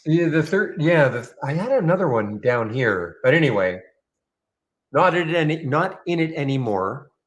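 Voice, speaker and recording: A man's voice: a little high, sing-song, normal speed. A man hosting a live trading room, chatting in a rambling, self-correcting way.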